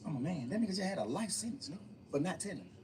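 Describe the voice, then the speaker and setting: Fast-talking man telling his story heatedly. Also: high voice, big pitch swings, darkish tone. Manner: emphatic, profane, repeats phrases. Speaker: interview guest. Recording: distant mic with faint room noise.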